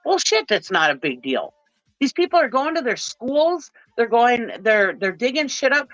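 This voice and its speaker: A woman's voice: a little high, big pitch swings, moderate pace, fairly bright tone, no echo. Middle-aged woman, fired-up rant, dull stream audio. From Minnesota. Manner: impassioned, ranting. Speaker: panel guest. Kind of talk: livestream panel chat.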